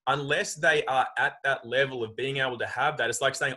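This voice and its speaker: A man with a bright, forceful voice makes his case with emphatic energy. He talks over a video call in a casual interview. His pitch sits in an ordinary middle range. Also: brisk, poor audio. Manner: emphatic, animated, acts out quoted voices. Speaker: guest. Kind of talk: casual conversation.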